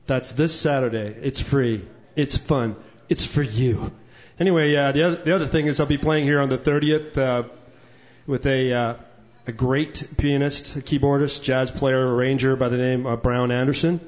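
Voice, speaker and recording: A man, a singer-songwriter on a small stage, making quick offhand announcements between songs. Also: medium pitch, fairly even intonation. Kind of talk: stage patter and singing with guitar. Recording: muffled live venue recording with loud guitar.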